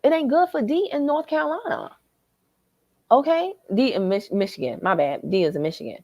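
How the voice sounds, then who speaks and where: A Southern woman hosts a live chat, husky and a little raspy, her pitch leaping up and down as she gets worked up. She talks straight to her viewers, and the sound is close and dry. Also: lively intonation, a little fast, darkish tone, no room sound. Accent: Southern American. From American South. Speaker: livestream host. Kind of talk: animated live chat reading comments. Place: hotel lobby.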